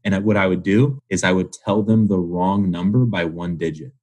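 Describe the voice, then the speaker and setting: A man's voice: low voice, steady tone, normal speed, darkish tone, husky. A man in his twenties, a guest on an interview podcast, talking loosely and casually with lots of filler words and little acted-out phone calls. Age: 20s. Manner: loose and chatty, heavy use of "like", acts out phone calls.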